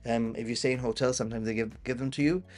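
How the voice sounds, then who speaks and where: A man's voice: mid-range voice, fairly even intonation, fast talker, a little mellow. A man with a Gibraltarian English accent hosting a live-stream travel Q&A, chatting casually and answering viewers off the cuff. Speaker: travel channel host.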